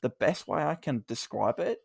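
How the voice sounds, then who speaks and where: A man's voice: mid-range voice, lively intonation, moderate pace, vocal fry, breathy edge, no room sound, clean studio sound. A man co-hosting a comedy podcast, telling a story casually and acting out the lines he quotes. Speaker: podcast co-host.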